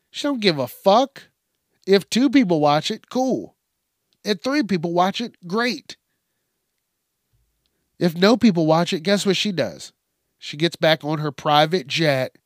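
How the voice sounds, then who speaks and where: Male comedy news host, profane, mocking, slow delivery, dry close sound. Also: fairly high pitch, dry recording. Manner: profane, mocking, laughs often.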